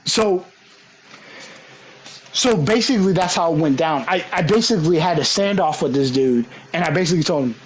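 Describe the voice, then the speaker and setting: A man's voice: on the high side, moderate pace, a little hiss or hum, poor audio. A young man streaming a game, telling a story in a heated, profane, ranting way. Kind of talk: casual storytelling while gaming.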